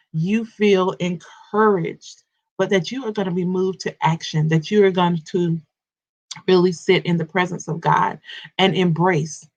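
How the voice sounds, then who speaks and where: A woman coaching and ministering in a live morning devotional, addressing her listeners directly, with repetition and stammered restarts. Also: on the low side.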